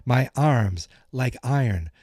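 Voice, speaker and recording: A man's voice: mid-range voice, expressive, slow, a little mellow, dry recording, studio quality. A man doing a grandly solemn eccentric hero. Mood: grandiose. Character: odd middle-aged man, suddenly heroic fighter.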